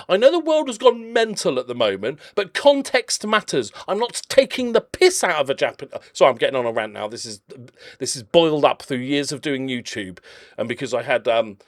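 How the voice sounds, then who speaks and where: This game channel host talks casually over his own gameplay footage, chatty and joking, and sometimes rambles into blunt little rants. His voice sits at a medium pitch, and the studio-quality recording has no echo.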